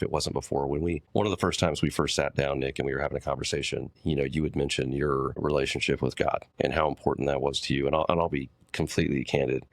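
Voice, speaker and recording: A man's voice: a bass voice, vocal fry, dry recording. A man hosting a podcast, talking in a candid, casual way and swearing freely. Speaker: podcast host.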